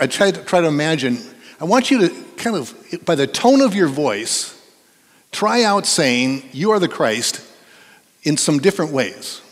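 A middle-aged man preaching a sermon in a church, conversational and playful as he coaxes the congregation to join in. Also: a little high. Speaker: pastor. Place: church sanctuary. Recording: long hall reverb.

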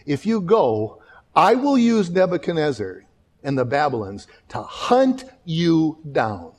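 Animated man preaching a sermon. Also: on the high side, slow pace. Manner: animated storytelling, acts out quoted voices; restarts and repeats words. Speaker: pastor.

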